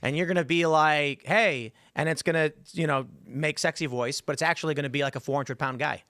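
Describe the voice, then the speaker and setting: A man's voice: a little high, no room sound, clean studio sound. A man hosting a casual panel talk show, telling stories with quoted voices. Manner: fast, animated storytelling with quoted voices. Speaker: host.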